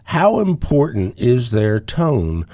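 A man hosting an interview, chatting in a relaxed way and asking questions. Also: medium pitch, slow. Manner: relaxed, conversational, asks questions. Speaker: interview host. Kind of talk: casual interview chat.

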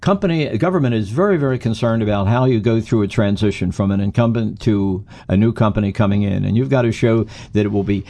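A man's voice: fairly low pitch, quick pace, few pauses, dark tone. A man who coaches speaking, explaining his points in an emphatic, instructive way during an interview. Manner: explanatory, emphatic, gives tips. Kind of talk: conversational interview answers.

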